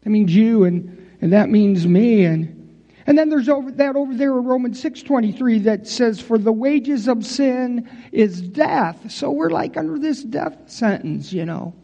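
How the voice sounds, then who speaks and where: A man's voice: very high voice, lively intonation, measured pace, vocal fry, dark tone, muffled recording. A pastor preaching a conversational sermon in a folksy way, talking straight to his congregation.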